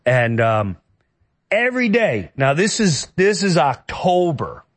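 The guest, a middle-aged New York-area man, recounts something personal in a conversation with a fairly high voice that swings widely in pitch. He takes it slowly, sounding earnest and emotional, and keeps halting and starting his sentences over.

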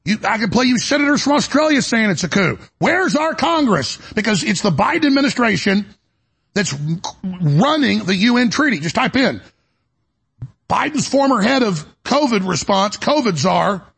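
A man hosts a talk show in an urgent, fiery monologue. His voice sits high and sounds heavily gravelly and raspy. He keeps climbing toward a yell. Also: very animated, normal speed. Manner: urgent, rising to near-yelling. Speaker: show host.

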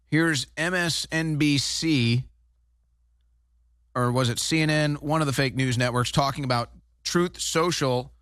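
A man's voice: mid-range voice, a bit bright, clear, resonant tone, dry recording, clean studio sound. A man hosting a political talk show, delivering heated, sarcastic, indignant commentary.

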